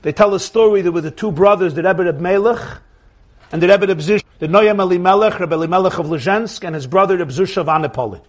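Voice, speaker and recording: A rabbi, a man with a notably high-pitched voice, lectures in sermon style. He tells stories with animation and acts out the characters' dialogue as he goes. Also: fast talker. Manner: animated storyteller, acting out quoted dialogue.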